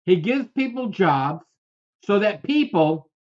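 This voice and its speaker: A man's voice: high voice, big pitch swings, slow. A man co-hosting a political commentary show, talking in a fiery, repetitive way full of rhetorical questions. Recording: dull lo-fi sound.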